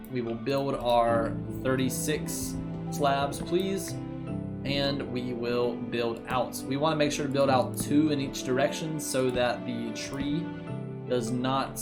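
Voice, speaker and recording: Joking young gaming host over music. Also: male voice, medium pitch. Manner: jokey, rambling, self-correcting. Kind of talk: casual let's-play commentary. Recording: music playing behind the voice.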